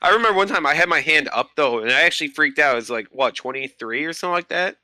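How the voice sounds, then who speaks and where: A man in his twenties, a podcast guest in casual chat, telling animated stories and swearing freely. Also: fairly high pitch, fast talker, dry recording.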